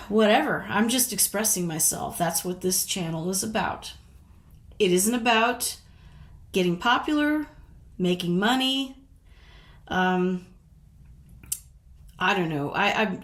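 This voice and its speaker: A middle-aged American woman vlogs casually to the camera, frank and indignant, swearing freely and laughing between her points. Her voice is medium-pitched.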